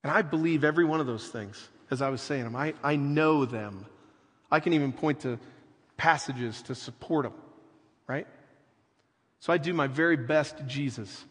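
A man preaching a sermon as pastor, speaking slowly and earnestly, often dropping to a soft, quiet delivery for emphasis. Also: fairly high pitch, slightly rough, in a large hall. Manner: slow, earnest preaching with soft dramatic drops.

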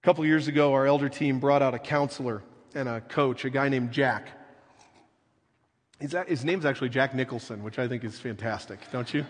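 A man preaching a sermon as pastor, speaking slowly and earnestly, often dropping to a soft, quiet delivery for emphasis. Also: mid-range voice, fairly even intonation, big-room sound. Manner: slow, earnest preaching with soft dramatic drops.

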